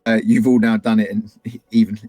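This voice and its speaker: A man running a tabletop game, talking in a relaxed, hesitant way with many fillers. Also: fairly low pitch, normal speed, no room sound, soft background music. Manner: laid-back, hesitant with fillers. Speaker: game master. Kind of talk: casual chat.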